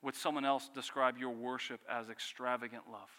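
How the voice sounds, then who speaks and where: A man with a bright, forceful voice preaches a sermon. He presses the listeners with rhetorical questions and lets key phrases fall quiet. A long reverb hangs behind him, as in a large hall. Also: mid-range voice, flat delivery, moderate pace. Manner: earnest preaching with rhetorical questions and dramatic drops in volume. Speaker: pastor.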